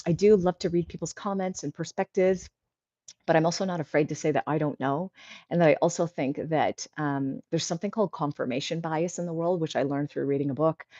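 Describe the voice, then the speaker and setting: A woman's voice: low voice, a little mellow, no echo, muffled recording. A woman hosting a casual livestream, reading viewer comments aloud and answering them in an earnest, encouraging way that rambles a little. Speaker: livestream host.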